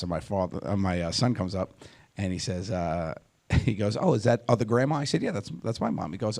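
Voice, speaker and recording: A man with a low voice tells stories from home in a loose, chatty way. He laughs often and acts out the lines of the people he quotes. He sounds like a relaxed guest in conversation. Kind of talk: casual conversational storytelling.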